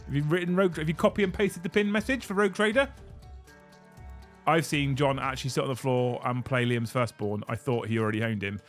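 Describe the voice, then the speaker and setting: A young British man hosting a live stream, excitable and swearing casually as he runs giveaways. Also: mid-range voice, fast talker, faint music behind. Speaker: livestream host.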